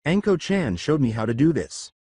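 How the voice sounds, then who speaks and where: A man's voice: on the high side, very animated, normal speed, a little mellow, slightly rough, no room sound, studio quality. A man voicing a mischievous, cheeky little girl. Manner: cheeky, pleading.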